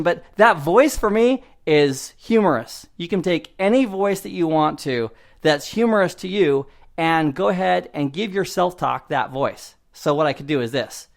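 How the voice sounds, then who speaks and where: A man in his fifties giving a motivational IT training lesson in an animated, conversational way, often laughing at himself. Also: on the high side, normal speed. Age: 50s. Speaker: IT instructor.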